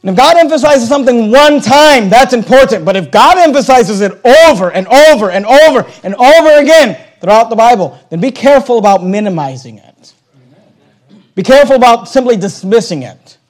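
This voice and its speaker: A man preaching with a strikingly high-pitched voice, driving his points home through emphatic repetition. He delivers a pastor's sermon, returning again and again to the same phrases. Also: expressive, fairly quick, poor audio.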